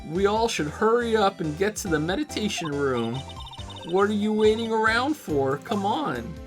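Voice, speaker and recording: A man putting on a loud folksy southern gal. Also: high voice, lively intonation, normal speed, over music, voice pushed up. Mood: excited. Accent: put-on American Southern drawl. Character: brash southern female paranormal photographer.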